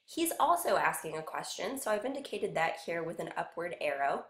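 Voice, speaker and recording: A woman's voice: lowish voice, big pitch swings, normal speed, fairly bright tone, a little hiss or hum. A woman teaching a music lesson, patiently explaining each point step by step. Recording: roomy echo.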